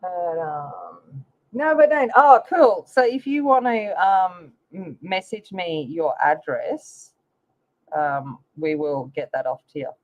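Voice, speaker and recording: A woman's voice: low-pitched, animated, takes it slowly, darkish tone. A woman hosting a casual livestream, chatting with viewers by name while she colors. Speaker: livestream host. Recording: slightly dull lo-fi sound.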